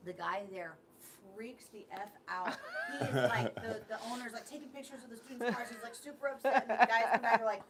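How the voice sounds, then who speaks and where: A woman's voice: a little high, a little fast, hardly any pauses, crowd noise. A woman co-hosting a casual livestream, telling a funny story with laughter. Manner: laughing, lively anecdote teller. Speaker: co-host.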